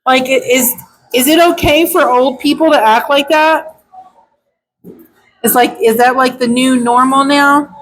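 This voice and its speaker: A woman's voice: high-pitched, steady tone, a little slow, long pauses, rough recording. A woman dog groomer chatting casually as she works, blunt and opinionated. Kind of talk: casual chat while grooming.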